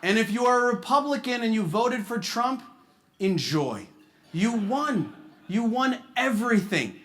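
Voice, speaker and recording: A male stand-up comedian performing at a charity gala, with a punchy, animated delivery. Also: very high-pitched, a little slow.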